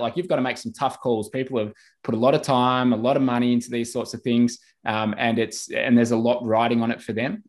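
A man hosting a podcast, asking long, rambling questions full of fillers. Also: medium pitch. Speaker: podcast host. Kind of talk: casual interview questions.

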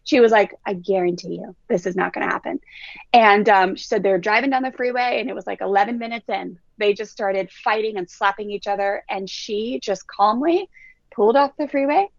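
A woman talking as a parenting coach on a podcast, telling stories and quoting people with lively energy. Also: medium pitch, fairly quick, creaky, dry recording, muffled recording. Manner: storytelling, animated quoting of others. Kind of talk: casual podcast chat.

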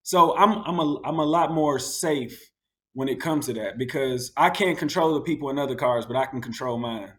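A man telling stories in a relaxed conversation, acting out the people he quotes in a raised, excited voice. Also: medium pitch, normal speed. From United States. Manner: animated, acts out quotes in a raised voice. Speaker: guest. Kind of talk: casual storytelling.

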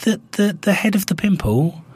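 A man's voice: high-pitched, animated, moderate pace, darkish tone, husky, dry recording. A man co-hosting a casual chat podcast, telling rambling stories with lots of restarts. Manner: rambling, chatty storytelling with many restarts. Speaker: podcast co-host.

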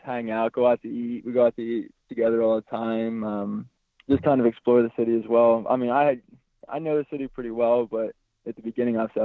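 A man's voice worn hoarse and raspy from yelling, relaxed and rambling. He is heard over a thin, phone-like line with a dry, close sound. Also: medium pitch, no echo. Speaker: goalkeeper guest. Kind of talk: casual interview.

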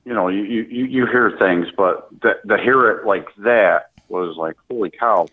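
A man with a very deep voice speaks earnestly and haltingly, often restarting his phrases. He is heard over a thin, tinny phone line. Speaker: guest, speaker at military events. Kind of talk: conversational interview.

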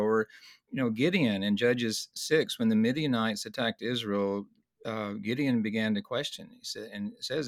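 A man teaching in a conversational Bible study discussion, earnest and explanatory, slowing down to stress key points. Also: on the low side, no echo, studio quality.

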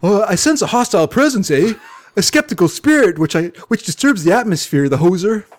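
A man's voice: high-pitched, sing-song, a little fast. A man voicing a pompous male mystic who speaks with a thick Canadian accent and draws out his pronouncements. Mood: grandiose.

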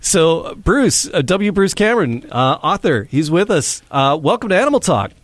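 A man's voice: on the high side, big pitch swings, moderate pace, no echo. Rambling male podcast host, dry sound. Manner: rambling, self-correcting, laughs often. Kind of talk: casual podcast chat.

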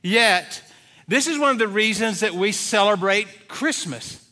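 Bright-voiced middle-aged pastor preaching. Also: male voice, sits high, expressive, unhurried. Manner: folksy storytelling with many fillers. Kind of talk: sermon. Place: church sanctuary.

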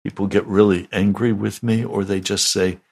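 An older man, a pastor, giving a slow, deliberate, conversational sermon. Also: on the low side, flat delivery, gravelly, darkish tone, slightly rough.

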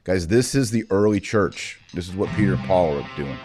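A man's voice: low-pitched, animated, moderate pace, a little mellow, soft background music. A man from Texas, hosting a casual show and commenting on video clips in a chatty, joking way. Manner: chatty, joking, with fillers and asides. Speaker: host.

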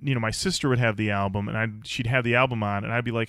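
Bright, smooth-voiced male podcast co-host. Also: fairly low pitch, fairly even intonation, quick pace, few pauses, no room sound, clean studio sound. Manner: rambling with restarts and fillers. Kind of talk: casual chat.

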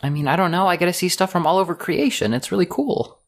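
A bright, chatty young woman who hauls cargo at the docks, as a man acts her out in a high, lifted voice. She rambles happily, a little bashful, full of small fillers, the way a player character is voiced at a game table. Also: quick pace. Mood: eager. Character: young woman dock worker, eager and upbeat.

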